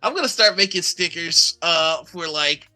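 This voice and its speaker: Animated bright-voiced man, laughing a lot. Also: on the high side, normal speed, smooth, faint music behind. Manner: laughs often, animated, rambling. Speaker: co-host. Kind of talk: casual chat.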